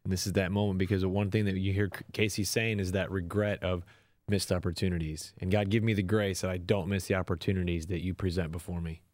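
Deep, fast, flat-voiced man. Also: dry recording, studio quality. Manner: fast, low, monotone.

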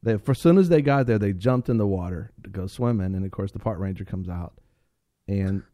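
A man on a talk radio show telling a funny story in a casual, animated way, laughing often and repeating phrases for emphasis. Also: fairly low pitch, fairly quick, no room sound, clean studio sound.

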